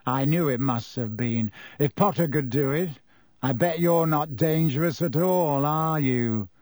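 Man doing a teenage boy voice, spoiled, sneering, slow drawl, storybook character. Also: fairly high pitch, a little mellow, no echo, studio quality, lightly acted.

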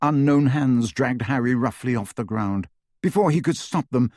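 A man reading a novel aloud as narrator, in a lively, expressive way that acts out the action. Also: mid-range voice, dry recording, clean studio sound. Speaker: audiobook narrator. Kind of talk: scripted story narration.

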